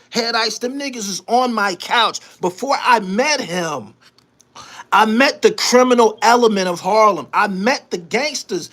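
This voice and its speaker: A man with an extremely high, bright, forceful voice hosts his own show, delivering an angry monologue to camera. He is heated, boastful and profane, repeating himself for emphasis.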